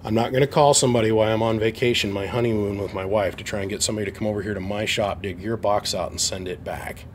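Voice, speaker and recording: A man's voice: lowish voice, steady tone, fast talker, few pauses, slight background noise. A man running a repair shop, telling a casual story to camera in an aggrieved, blunt way. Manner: aggrieved, blunt, acts out both sides of phone calls. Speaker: amp repair shop owner.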